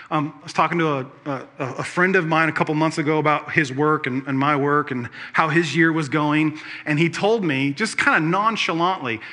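Male preacher, middle-aged, bright ringing tone, animated storyteller with playful jokes. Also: fairly high pitch. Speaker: pastor. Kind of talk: sermon.

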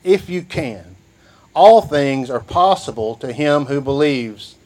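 A man's voice: medium pitch, animated, takes it slowly, darkish tone. A man preaching a sermon, reading scripture and repeating key phrases for emphasis. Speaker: pastor.

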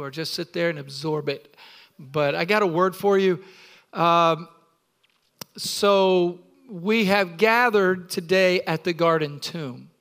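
Male pastor, middle-aged, preaching in church, high voice, exuberant and playful. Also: a bit bright. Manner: exuberant, playful, calls on the congregation to respond. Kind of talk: sermon.

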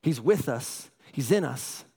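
A middle-aged male pastor preaching a sermon, energetic and often asking the congregation questions. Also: medium pitch, unhurried, vocal fry, husky.

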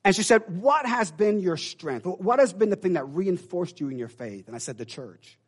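Male pastor, middle-aged, emphatic sermon, slightly high voice, loud peaks and quiet asides. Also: animated, moderate pace, slightly rough. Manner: emphatic preaching with call-and-response asides; swings from loud declarations to hushed low asides.

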